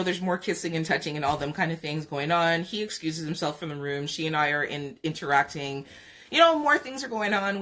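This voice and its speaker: A woman podcast host telling a candid personal story, frank and chatty, laughing often and pausing to talk to viewers. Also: sits low, a bit bright. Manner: frank, laughing, drawn-out pauses. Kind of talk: candid storytelling on a live stream.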